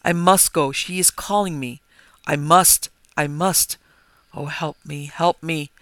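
A man's voice: on the high side, steady tone, slow, fairly bright tone, dry recording. A man playing a frightened male rector under a spell, begging desperately in a storybook reading. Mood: pleading. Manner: pleading, desperate.

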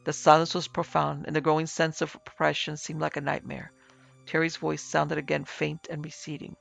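A male narrator reads a ghost story in a steady, deliberate storytelling voice. His tone is gravelly and sits a little high, and a soft music bed runs beneath.

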